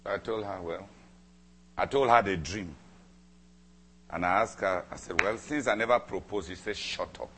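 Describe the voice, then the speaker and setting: Lowish-voiced guy preaching, repeats himself for emphasis, slight hum in the background. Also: moderate pace, pauses often, fairly bright tone. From Cameroon. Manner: dramatic, repeats phrases for emphasis. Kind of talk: sermon with personal story.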